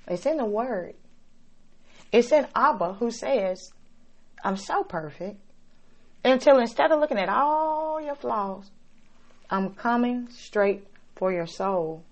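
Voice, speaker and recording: A woman preaching a sermon, slow and dramatic, swinging between loud emphatic lines and soft, hushed ones. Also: on the high side, muffled recording.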